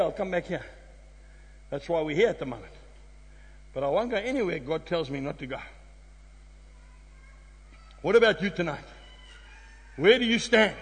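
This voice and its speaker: A South African man preaching a sermon, telling a story with emphatic exclamations that drop to hushed tones. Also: high voice, very animated, normal speed, pauses often, husky. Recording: long hall reverb.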